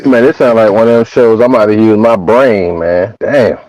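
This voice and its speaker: Deep-voiced male guest, dull dry audio. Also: normal speed, darkish tone, no room sound. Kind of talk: casual livestream chat.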